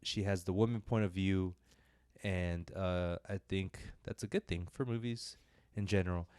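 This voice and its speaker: A man's voice: deep voice, fairly even intonation, moderate pace, a little mellow, smooth, no room sound, clean studio sound. A young man co-hosting a film podcast, talking in a loose, rambling way with lots of fillers and self-deprecating asides. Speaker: podcast co-host reviewing films. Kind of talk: casual podcast chat.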